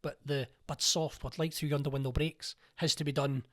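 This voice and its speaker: A man with a Glaswegian accent, an actor telling stories in a casual interview and acting out the lines he quotes. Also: normal speed. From Scotland. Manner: animated, acts out quotes with raised pitch. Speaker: actor and playwright, guest.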